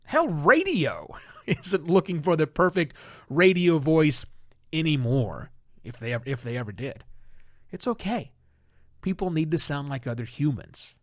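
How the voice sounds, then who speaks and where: Animated man hosting a podcast. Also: fairly high pitch, unhurried, no room sound, studio quality. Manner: animated, conversational, emphatic. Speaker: podcast host. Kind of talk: solo podcast commentary.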